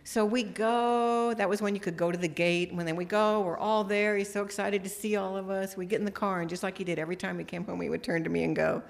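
A middle-aged woman preaching in a relaxed, conversational way. She tells a personal story and acts out the dialogue as she goes. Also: medium pitch, quick pace, gravelly, hardly any pauses. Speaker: speaker.

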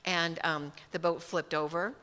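A woman preaching who tells a personal story with vivid detail and pokes fun at herself. Her voice is bright and clear, and it rings with the long reverb of a big hall. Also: lowish voice, measured pace. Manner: animated storytelling with self-mocking humor. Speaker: speaker teaching from the Bible. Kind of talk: personal story within a sermon.

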